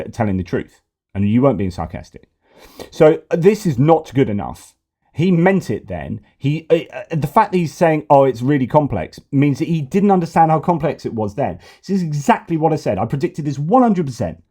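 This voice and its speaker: A man's voice: medium pitch, mellow. A man giving sarcastic, exasperated political commentary, often repeating himself. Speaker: news commentator.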